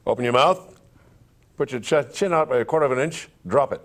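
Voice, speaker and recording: In a conversational interview, a male stage performer speaks at a fairly quick clip with a medium-pitched voice. He tells stories animatedly and demonstrates breathing and voice exercises aloud, guiding the listener through them.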